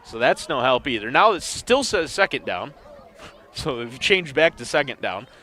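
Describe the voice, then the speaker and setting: A man's voice: medium pitch, big pitch swings, moderate pace, bright, forceful tone, a little hiss or hum. A man calling a semi-pro football game play by play, with dry, wry asides about confused officiating. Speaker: play-by-play commentator. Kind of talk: sports commentary.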